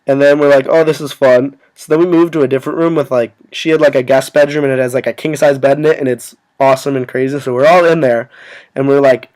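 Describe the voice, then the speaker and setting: A young man casually telling a story to his viewers, rambling and filling every pause with "like". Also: mid-range voice, steady tone, darkish tone. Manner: rambling, full of "like" fillers. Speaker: vlogger.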